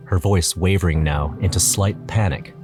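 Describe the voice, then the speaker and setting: A man's voice: deep voice, moderate pace. A man narrating an audio drama in first person, nervous and wry. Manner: nervous, wry inner monologue. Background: music.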